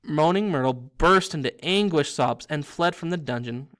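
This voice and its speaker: A man reading a story aloud in a steady narrating voice, with small slips and restarts. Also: a little high, normal speed. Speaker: reader.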